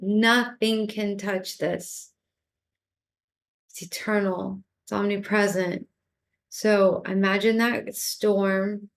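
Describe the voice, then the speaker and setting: Calm woman guiding a meditation. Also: medium pitch. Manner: calm, repetitive, gently coaxing. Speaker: spiritual teacher. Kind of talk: guided meditation talk.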